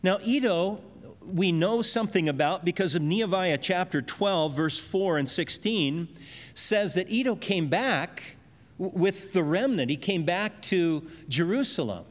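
Male preacher, high register, earnest expository delivery, reverberant hall sound. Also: animated, measured pace. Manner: earnest, explains verses with everyday examples. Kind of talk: expository sermon.

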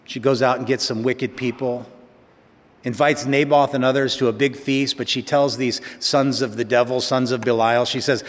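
A male pastor preaching a sermon in a church, emphatic, slowing down and speeding up and rising to stress his points. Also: medium pitch, fairly even intonation. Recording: long hall reverb.

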